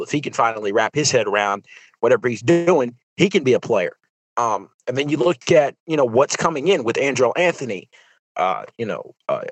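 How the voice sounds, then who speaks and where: A man's voice: a little high, no echo, low-quality recording. A young man hosting a sports podcast, rambling through casual football talk with lots of fillers and restarts. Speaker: podcast host. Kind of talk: casual sports commentary monologue.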